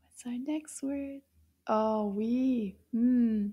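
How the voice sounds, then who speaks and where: A woman teaching a children's language lesson in a gentle, encouraging way, drawing out sounds. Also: high voice, slow.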